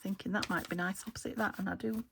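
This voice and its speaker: British woman musing in a gravelly half-whisper. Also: mid-range voice, steady tone, quick pace, noisy background. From United Kingdom. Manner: thinking aloud, often dropping to a soft half-whisper. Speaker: craft vlogger. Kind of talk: casual flip-through narration while crafting.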